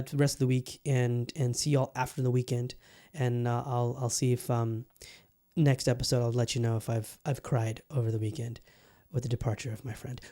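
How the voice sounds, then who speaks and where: A man hosting a solo podcast in an easygoing, rambling way. His voice sits at an ordinary middle pitch, full of fillers and casual swearing. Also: warm tone. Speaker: podcast host.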